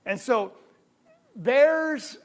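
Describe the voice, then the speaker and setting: Guy preaching in a church hall, high voice bouncing all over, keeps asking the class questions. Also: extremely slow. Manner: animated, asks the audience questions. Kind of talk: Bible class lecture.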